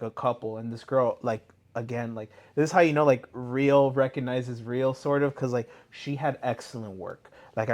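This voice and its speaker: Rambling, enthusiastic man filler-heavy. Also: medium pitch. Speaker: tattoo client and guest. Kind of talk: casual interview chat.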